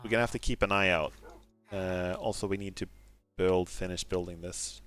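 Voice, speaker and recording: A man's voice: low voice, fairly even intonation, moderate pace, a bit bright, faint music behind. A man giving casual gameplay commentary, giggling often, shifting between mumbled asides and sudden alarmed outbursts, apologizing sheepishly. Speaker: gaming streamer.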